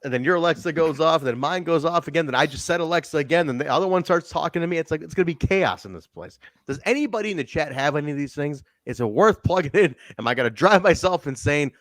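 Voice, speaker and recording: A man co-hosting a casual podcast that reviews wrestling shows. He talks in an animated way, swears freely and acts out quotes. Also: fairly high pitch, fast talker, hardly any pauses, no room sound. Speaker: podcast co-host.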